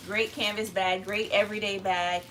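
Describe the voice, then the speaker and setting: A woman's voice: mid-range voice, little pitch movement, normal speed, pushed and bright. A woman hosting a casual family livestream, chatting and greeting viewers by name. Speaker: live stream host. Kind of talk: casual live chat.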